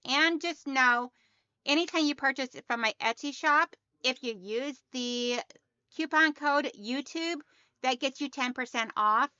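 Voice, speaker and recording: Chatty lady on a sewing livestream, high smooth voice, shouting out viewers by name. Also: dry recording, highs cut off. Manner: chatty, reads out viewer comments and greets each by name. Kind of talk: casual livestream chat.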